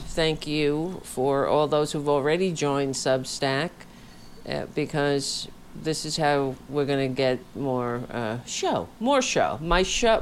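Tired, chatty woman with a low voice. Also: slight background noise. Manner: rambling, chatty, candid. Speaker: podcast host. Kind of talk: casual livestream chat. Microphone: home studio microphone.

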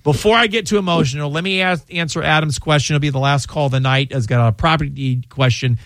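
A man's voice: fairly high pitch, fast, fairly bright tone, no room sound. A man hosting a call-in legal advice radio show, talking in a chatty, rambling way and often restarting his sentences. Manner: chatty, rambling, self-interrupting. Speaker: radio show host and lawyer.

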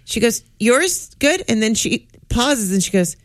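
A woman's voice: a little high, normal speed, no echo. A middle-aged woman, a guest actress, telling funny self-mocking stories in casual talk-show chat. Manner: animated storyteller, self-mocking jokes.

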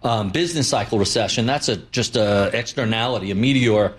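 A man's voice: lowish voice, a little fast. A man speaking as an investment guest on a broadcast, blunt, opinionated and wry. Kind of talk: broadcast interview.

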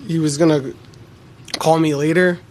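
A man giving courtroom testimony as a witness, halting and full of fillers and pauses. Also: a little high, fairly even intonation, a little mellow, a little hiss or hum. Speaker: trial witness.

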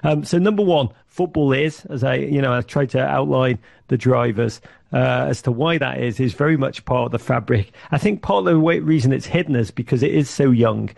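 A middle-aged man giving an animated interview, full of restarts and acted-out quotes. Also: mid-range voice, fairly quick, vocal fry. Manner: animated, acts out quoted voices, many restarts. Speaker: podcast network founder, guest. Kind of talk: conversational interview storytelling.

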